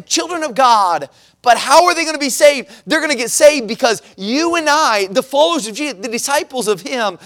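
A man preaching a sermon in a church, earnest and conversational, breaking into quick asides to the congregation. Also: extremely high pitch, a bit bright. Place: church sanctuary.

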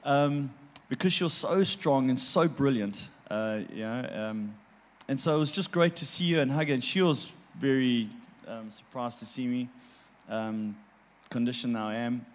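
A man speaking as a guest with a middle-pitched voice, telling his own story. He talks in a heartfelt, halting way, often repeating words as he searches for them. He laughs lightly between memories. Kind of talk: personal storytelling.

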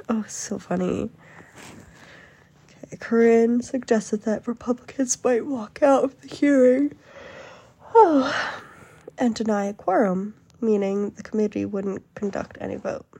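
A woman's voice: medium pitch, gravelly, warm tone, slightly rough. A woman hosting a casual podcast, reading an article aloud in a chatty, amused way with frequent fillers. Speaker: podcast host.

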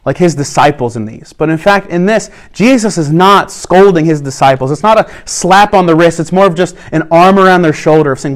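A man preaching a sermon in an earnest way, slowing down to stress key points. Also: a little high, expressive. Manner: earnest preaching, slows down for emphasis. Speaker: pastor.

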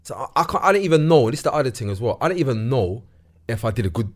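A young man with a London accent, a guest telling a story in casual chat, with lots of slang and animated retelling. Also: medium pitch, very fast. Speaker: guest actor.

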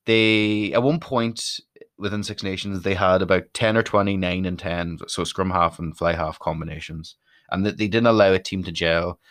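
A man's voice: low-pitched, fairly even intonation, moderate pace, a bit bright, no echo. A chatty, self-deprecating Irish man rambling through his opinions in a casual monologue. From Ireland.

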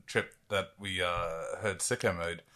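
A man's voice: deep voice, steady tone, measured pace, sharp tone. A man, co-hosting a podcast in hesitant, self-interrupting casual chat. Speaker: podcast co-host.

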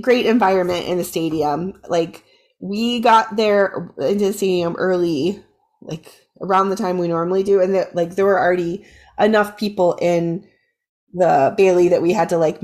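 A woman co-hosting a casual sports podcast, animated and full of "like" fillers, her voice a bit raspy from recent illness. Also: fairly low pitch, moderate pace. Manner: animated fan, many "like" fillers. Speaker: podcast co-host. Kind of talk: casual chat.

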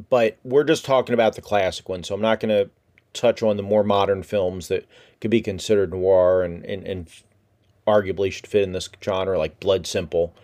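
Low-voiced guy hosting a podcast, chatty and loose, restarts a lot. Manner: relaxed, rambling with restarts. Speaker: podcast host. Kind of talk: casual podcast talk.

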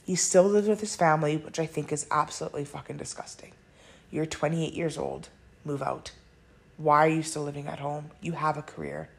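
Woman, slightly low pitch, casual podcast monologue, blunt, chatty, laughs often. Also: lively intonation, fairly quick, creaky. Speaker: podcast host.

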